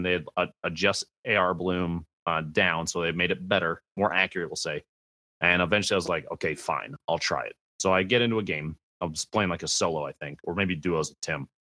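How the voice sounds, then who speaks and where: A man, a guest streamer on a gaming podcast, telling animated stories and acting out quotes. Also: deep voice, dry recording. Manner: animated storyteller, acts out quotes. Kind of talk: podcast conversation.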